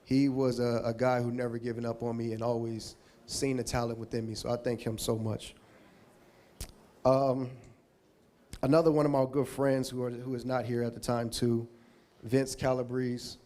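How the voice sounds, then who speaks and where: A man's voice: medium pitch, level tone, moderate pace, warm tone. Emotional man giving a heartfelt award speech. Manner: emotional, rambling, thanking people one by one. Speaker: Hall of Fame inductee giving an acceptance speech.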